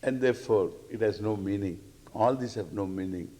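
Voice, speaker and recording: A man's voice: on the low side, normal speed, warm tone. An older man, giving a scripture lecture with jokes and chanted verses. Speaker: spiritual teacher.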